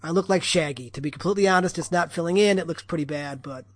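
A man's voice: fairly high pitch, fast talker, a little hiss or hum. A man co-hosting a podcast, chatting casually with dry, wry humor. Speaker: podcast co-host. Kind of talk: casual chat.

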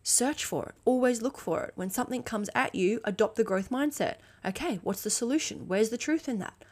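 A woman's voice: fairly high pitch, a little fast, darkish tone. A woman coach giving a motivational solo podcast talk, blunt and emphatic, swearing freely and checking in with "okay?". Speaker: fitness and mindset coach.

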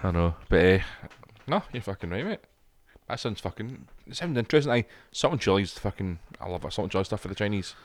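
A young man co-hosting a podcast, telling sweary stories in lively banter. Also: sits low, quick pace, no echo. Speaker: podcast co-host. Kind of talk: casual chat.

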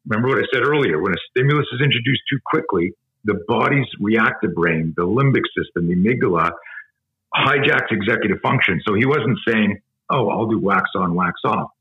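A man's voice: on the low side, lively intonation, a little fast, dull audio. A middle-aged man who teaches self-defense, a podcast guest telling a story with emphasis and plenty of swearing. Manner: emphatic, profane, vivid storyteller. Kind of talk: intense storytelling in a podcast interview.

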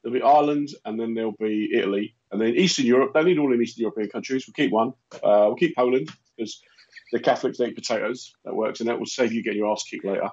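A man chatting casually, riffing on absurd comic rants with a deadpan delivery. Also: medium pitch, fast talker, husky. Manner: deadpan rambling jokes, repeats lines. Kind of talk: casual comedic chat. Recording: dull lo-fi sound.

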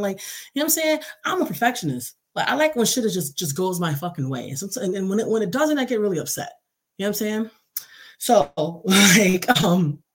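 A young woman hosting a podcast, venting in a profane, rambling casual monologue. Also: mid-range voice. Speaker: podcast host.

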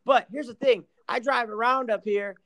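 High-voiced, profane man chatting. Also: normal speed, no room sound. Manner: profane, animated storytelling with asides. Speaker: podcast co-host. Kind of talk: casual chat.

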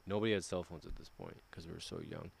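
A man's voice: low voice, huge pitch swings, fast, gravelly, a little hiss or hum. A man in casual podcast chat, telling a rambling, profane story.

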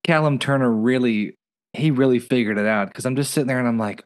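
A man's voice: mid-range voice, brisk. A man co-hosting a casual podcast, telling stories animatedly and slipping into playful voices. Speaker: podcast co-host. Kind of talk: casual TV recap chat.

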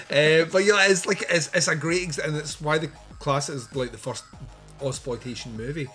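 A man's voice: a little high, moderate pace, fairly bright tone, faint music behind. A man co-hosting a film podcast, rambling casually with lots of fillers, restarts and swearing. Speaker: podcast co-host. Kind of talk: casual film review chat.

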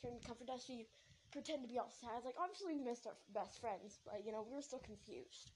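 A woman's voice: a little high, a little fast, a little mellow, a little hiss or hum, low-quality recording. A woman telling a long story in a casual, rambling way, full of "like" and restarts. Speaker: storyteller vlogger.

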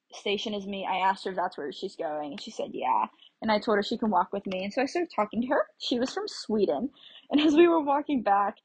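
A woman's voice: medium pitch, a little mellow, husky, no room sound, rough recording. A young American woman from the United States chatting casually about her travels, rambling with fillers and restarts. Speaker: travel vlogger.

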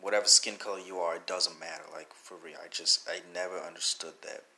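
A man's voice: sits low, steady tone, a little fast, sharp tone. A young man hosting a podcast, talking in an earnest, emotional way, rambling with many restarts. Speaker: podcast host. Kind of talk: personal commentary podcast.

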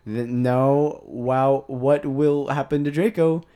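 Guy reading an evil dark wizard lord, cruel, fake old-timey thou-and-thee talk. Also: medium pitch, steady tone, slow pace, clear, resonant tone, lightly acted. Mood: mock-menacing. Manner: mock-archaic speech read aloud.

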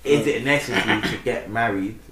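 A man, co-hosting a podcast in casual chat, teasing and pressing the others with quick questions. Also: on the low side, bright, forceful tone, a little hiss or hum. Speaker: podcast co-host. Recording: roomy room sound.

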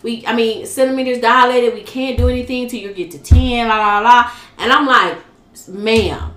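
A woman's voice: on the high side, fairly even intonation, normal speed, a bit bright. A young woman animatedly telling a story in casual chat, swearing a lot. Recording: echoey room, faint noise.

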